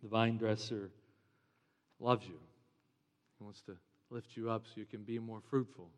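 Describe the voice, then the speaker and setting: A man preaching a sermon as pastor, animated and joking, sometimes mimicking whiny voices. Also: fairly low pitch, a little slow. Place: church sanctuary. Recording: long reverb of a large hall.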